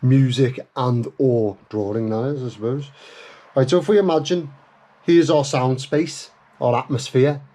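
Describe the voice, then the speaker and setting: A man's voice: mid-range voice, unhurried, dark tone. A man giving a casual workshop tutorial on modifying a guitar pedal, chatty and self-deprecating, with frequent fillers and restarts.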